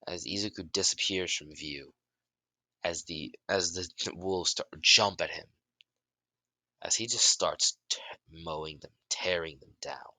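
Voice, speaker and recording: A man improvising a fan story in halting narration, often restarting his sentences and shouting out the characters' lines. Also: low voice, no room sound. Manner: halting, many restarts and self-corrections; bursts into loud shouts for dialogue.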